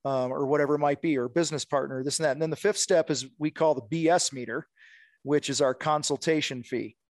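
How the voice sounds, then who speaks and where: Blunt sales coach, male, slightly high voice, dry close recording, acts out client calls. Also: steady tone, fairly quick, no room sound. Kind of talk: casual podcast talk.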